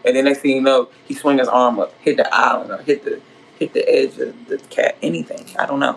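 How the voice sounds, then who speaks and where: A woman's voice: a bass voice, fairly even intonation, a little fast, vocal fry, slight background noise, poor audio. A woman cooking while she chats to her stream, talking bluntly, cussing freely and rambling. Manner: blunt and profane, scolding and rambling. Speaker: home cook and food vlogger. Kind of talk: casual livestream chat while cooking.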